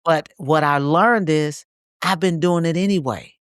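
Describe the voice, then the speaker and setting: A man's voice: fairly high pitch, measured pace, a bit bright, clear, resonant tone, dry recording, clean studio sound. A man co-hosting a podcast in a reflective, casual conversation, speaking emphatically and repeating phrases to drive his points home. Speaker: podcast co-host.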